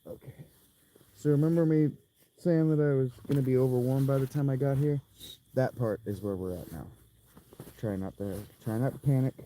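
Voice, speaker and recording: A man's voice: medium pitch, normal speed, dark tone, slight background noise. A man streaming a game who jokes, rambles and talks himself through the play in casual chatter.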